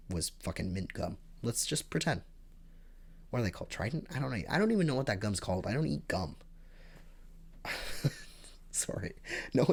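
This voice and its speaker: A young man tells a rambling story to camera, his voice sitting low with a gravelly, fry-laden texture. He gets excitable, suddenly jumping up in pitch and loudness before settling back into casual chat. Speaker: vlogger.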